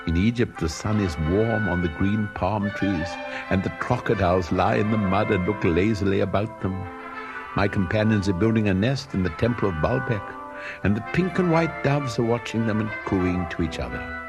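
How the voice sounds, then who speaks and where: A man's voice: lowish voice, moderate pace, over music, lightly acted. A man voicing a small, devoted male swallow bird who pleads and speaks tenderly in a raised voice. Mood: wistful.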